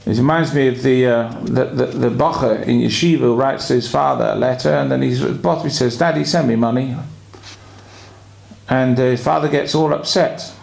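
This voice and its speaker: A rabbi giving a weekly sermon, explaining his points in a measured way with drawn-out pauses. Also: medium pitch, fairly even intonation, vocal fry, a little mellow.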